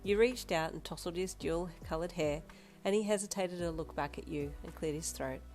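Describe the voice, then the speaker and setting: A woman reading fanfiction aloud as an audiobook narrator, with a steady storytelling delivery. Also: on the low side, normal speed. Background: faint background music.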